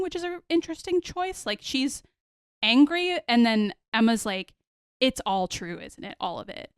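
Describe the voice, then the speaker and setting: Animated woman recapping a show, smooth voice. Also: on the high side, dry recording, studio quality. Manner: animated, acts out characters' lines, addresses listeners as y'all. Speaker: podcast host. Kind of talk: casual chat recapping a TV episode.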